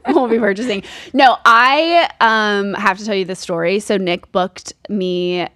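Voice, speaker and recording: Animated, laughing woman podcast co-host. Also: mid-range voice, unhurried, no room sound, studio quality. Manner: animated storyteller, laughs often. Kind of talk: casual chat.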